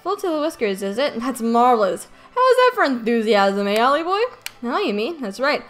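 A woman's voice: fairly high pitch, sing-song, normal speed. A woman voicing a cheeky little male fairy sidekick in a game, chummy and a bit scolding, over faint game music. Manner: chummy, scolding, calls the boy lad.

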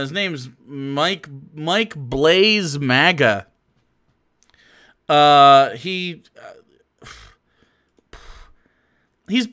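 A man's voice: on the high side, pushed and bright, clean tone. A man streaming live, giving sarcastic, mocking commentary on videos. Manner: sarcastic, mocking, laughs often.

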